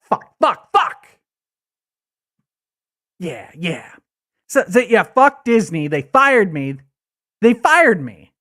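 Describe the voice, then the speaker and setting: A man's voice: high voice, big pitch swings, takes it slowly, long pauses, pushed and bright, full character voice. A man doing a coked-up fired actor, drawling. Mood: ranting. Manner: crude, rambling, stammering. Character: coked-up washed-up male commercial actor, bitter and crude. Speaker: livestream host. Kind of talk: comedic character rant.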